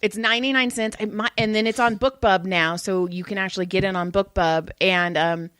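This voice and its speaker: A woman's voice: medium pitch, fairly even intonation, a little fast, a bit bright, smooth, dry recording. A woman co-hosting a casual podcast, chatty and playful, often laughing. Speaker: podcast co-host. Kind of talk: casual chat.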